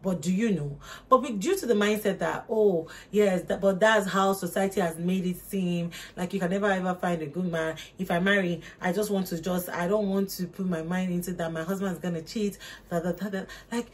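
A woman's voice: fairly even intonation, brisk. A young woman, giving emphatic, repetitive motivational advice to her viewers in a casual vlog. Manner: emphatic, preachy, repeats points, rises in pitch for emphasis. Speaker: motivational vlogger. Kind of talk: casual motivational talk to camera.

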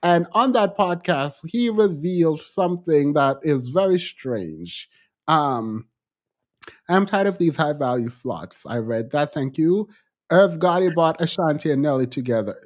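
A man co-hosting a casual commentary podcast, reacting in an animated, exasperated way. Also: a little slow. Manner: animated, exasperated commentary with sudden pitch jumps. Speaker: podcast co-host.

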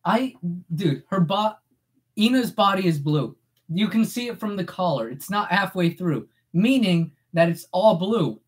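A woman's voice: on the low side, animated, a little slow, breathy edge. An eighteen-year-old woman streamer and voice actor chatting casually, goofy and swearing, breaking into yelps.

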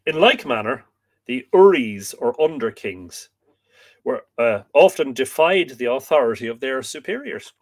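Reading an old history book aloud on a relaxed stream, an Irish man speaks a little slowly in a mid-range voice. He's sleepy and keeps yawning, stumbles over difficult names, and interrupts himself to greet viewers with easy humour.

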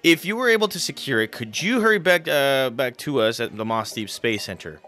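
A man's voice: medium pitch, expressive, pushed and bright, voice pushed up. A man doing an urgent, worried champion. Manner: urgent, hurried. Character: worried earnest male champion.

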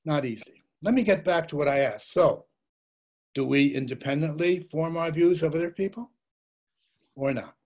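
A man's voice: on the high side, moderate pace, darkish tone. An older man giving a talk as a journalist, reflective, telling stories and posing rhetorical questions. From Russia and the United States. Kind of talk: lecture.

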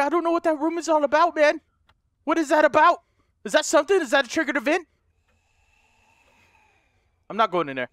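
Man, high bright voice, lively jumps in pitch, excitable let's play commentary. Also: no echo, studio quality. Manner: excitable, screams and swears at the game; talks to viewers as guys. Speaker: gaming YouTuber.

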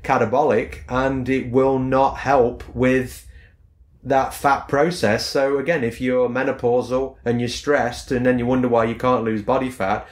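A man's voice: medium pitch, flat delivery, unhurried, echoey room. A man co-hosting a fitness podcast, explaining at length in a rambling way and leaning on the word "again". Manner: rambling, repeats "again" as a filler. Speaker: podcast co-host, fitness coach. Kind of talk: casual explanatory podcast chat.

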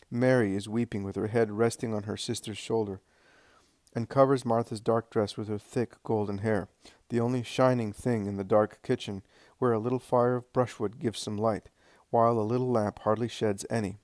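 A man reading a devotional story aloud in a calm, unhurried way, with the odd slip and restart. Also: fairly low pitch, dry recording. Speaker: audiobook reader. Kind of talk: devotional scripture-style reading.

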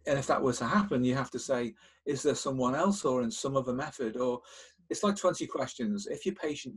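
An older man with a husky, slightly breathy voice talks as a podcast host. He explains a technique patiently, one step at a time. He often restarts a phrase or repeats a word as he goes. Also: medium pitch. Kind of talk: instructive podcast talk.

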